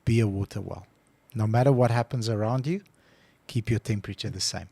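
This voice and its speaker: A man co-hosting a casual podcast, telling a story with lively acted-out phone calls. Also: on the low side, fairly quick, creaky, husky, no room sound. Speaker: podcast co-host.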